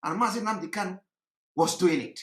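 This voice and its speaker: A man delivering an impassioned, mocking monologue, often shouting and repeating himself. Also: sits high, brisk, reverberant. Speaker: commentator.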